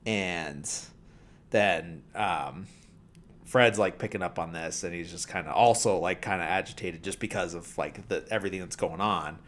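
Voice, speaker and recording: A man's voice: sits low, moderate pace, a bit bright. A man hosting a podcast, retelling a film scene in a loose, rambling way, full of filler words and dry humour. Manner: rambling, heavy on "like" and "you know" fillers. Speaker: podcast host. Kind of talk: casual film recap.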